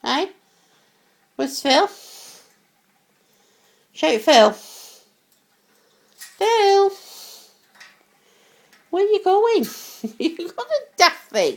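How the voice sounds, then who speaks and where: A woman's voice: very high voice, big pitch swings, very slow, pauses often. A British woman chatting to her pet parrot in a coaxing, sing-song way. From United Kingdom. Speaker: pet owner.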